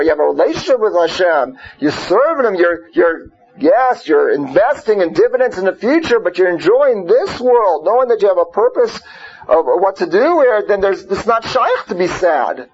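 High-voiced husky man teaching Torah. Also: sing-song, moderate pace. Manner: conversational, frequent rhetorical questions and "right?"; mixes Hebrew and Yiddish terms into English. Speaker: rabbi teaching a Torah class. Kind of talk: informal Torah lecture. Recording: muffled lo-fi recording.

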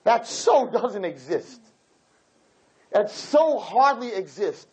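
A man giving a religious lecture to a live audience, animated and full of rhetorical questions and acted-out scenes. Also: high voice, slow pace, rough recording.

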